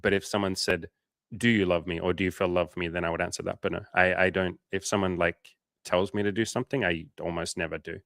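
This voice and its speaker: A low-voiced man hosts a casual coaching livestream, reading viewer comments aloud and answering with frank, swear-heavy advice. The sound is dry and close, with no room echo. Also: level tone, quick pace, vocal fry, a bit bright. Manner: blunt, profane, frank advice. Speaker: dating coach hosting a livestream.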